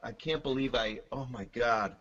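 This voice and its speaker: Laughing man with a dull lo-fi sound. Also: medium pitch. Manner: animated storyteller, laughs often, halting restarts. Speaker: guest drum collector. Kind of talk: casual chat.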